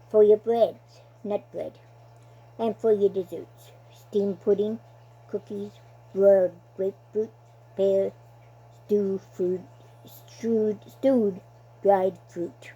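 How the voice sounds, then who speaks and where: A woman's voice: medium pitch, mellow, husky. An older woman reading a list aloud at home, stumbling over words and adding chatty asides. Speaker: blogger. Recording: dull lo-fi recording.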